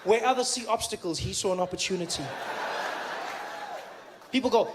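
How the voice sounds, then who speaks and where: High-voiced stand-up comedian. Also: male voice, quick pace, a little hiss or hum. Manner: animated storytelling with sudden dips into deadpan.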